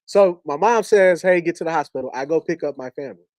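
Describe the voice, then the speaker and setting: A man's voice: on the high side, fast talker, a little mellow, dry recording. A man sharing a heartfelt personal story with an audience, emotional and repetitive, often restarting his sentences. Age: adult with a wife and two young kids.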